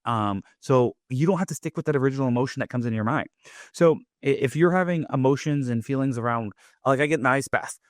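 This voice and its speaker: A man in a middle register hosts his own podcast in a relaxed, rambling monologue. He keeps dropping "like" and "right?" as he goes. The recording is dry, with no room echo. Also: medium pitch, fast. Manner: loose, chatty, leans on "like" and "right?". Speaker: podcast host. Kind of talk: casual motivational monologue.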